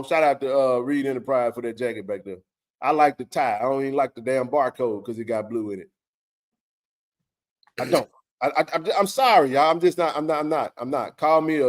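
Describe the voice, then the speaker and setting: A man hosting a sports talk stream, ranting bluntly in casual, profane talk. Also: medium pitch. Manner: heated, blunt ranting with frequent swearing.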